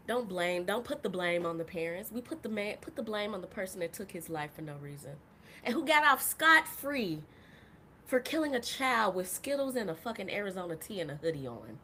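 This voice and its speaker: A woman hosting a live podcast stream, talking in a heated, profane monologue that swings from soft to loud. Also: mid-range voice, big pitch swings, a little fast, slight background noise. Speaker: podcast host.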